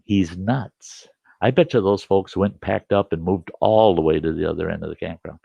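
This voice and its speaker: An older man spins a camp yarn in a low, gravelly voice, getting animated as he acts out arguments. The recording is dry and a little dull, with no room sound. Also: normal speed, no room sound. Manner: animated, acts out yelling at his camera. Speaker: storyteller host. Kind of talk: casual campfire storytelling.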